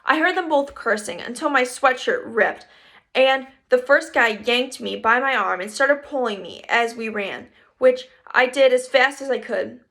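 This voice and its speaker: A woman reading a first-person children's story aloud in a lively storytelling manner. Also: on the high side, measured pace, creaky. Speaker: reader. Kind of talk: audiobook narration.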